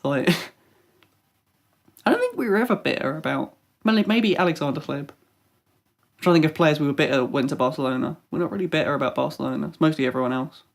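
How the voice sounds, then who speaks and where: Rambling man, higher voice. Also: brisk, vocal fry. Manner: rambling, heavy on "like", acts out quotes. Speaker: podcast co-host, Arsenal fan. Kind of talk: casual chat.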